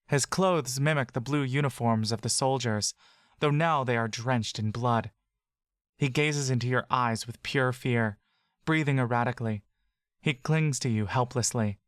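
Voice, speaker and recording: A man narrating a fantasy adventure story in the second person, in a calm, steady storytelling manner. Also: medium pitch, a little slow, clean tone, no echo, clean studio sound.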